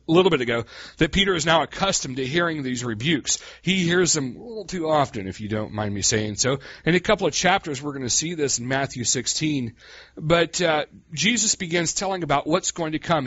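A man preaching a sermon in a folksy, animated way, calling his listeners "guys" and swinging from quiet asides to loud cries. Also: on the high side, no room sound, dull audio.

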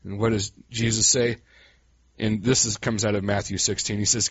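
A man preaching a sermon in a folksy, animated way, calling his listeners "guys" and swinging from quiet asides to loud cries. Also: on the low side, normal speed, slightly rough, no room sound, lo-fi sound.

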